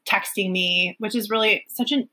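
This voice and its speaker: Breathy thirties woman co-host. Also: mid-range voice, moderate pace, pushed and bright. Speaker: podcast co-host. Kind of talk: casual chat.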